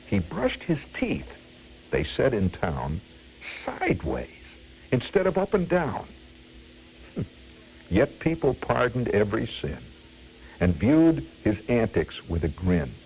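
Husky radio guy reading a poem real slow, hammy and teasing, muffled old recording w faint music. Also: fairly low pitch. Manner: playful, teasing asides to listeners; chuckling, theatrical. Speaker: radio host reading poetry. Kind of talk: dramatic poetry reading.

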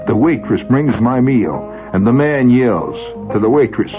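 A man's voice: medium pitch, animated, measured pace, few pauses, narrow, tinny audio, over music. A man telling a first-person story in a wry, vivid way.

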